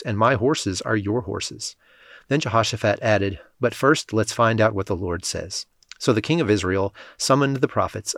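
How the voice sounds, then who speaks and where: Low-voiced man reading scripture aloud. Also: dry recording, clean studio sound. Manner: measured, even reading with light voicing of quotes. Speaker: scripture reader.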